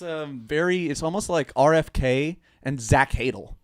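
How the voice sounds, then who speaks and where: A man co-hosting a casual podcast, joking around with friends and breaking into loud outbursts. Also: on the high side, normal speed. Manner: animated, bursts into loud outbursts and mock voices. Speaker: podcast co-host.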